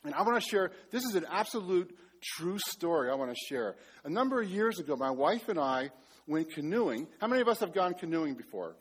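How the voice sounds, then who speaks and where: A man's voice: a little high, very animated, a little fast, a little hiss or hum. A middle-aged man preaching a sermon, telling a story with self-mocking humor. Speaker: pastor.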